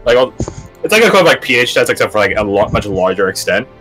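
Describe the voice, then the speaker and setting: A man's voice: fairly low pitch, very animated, fast talker, music in the background. A man narrating a tabletop game as game master, chatty and full of fillers.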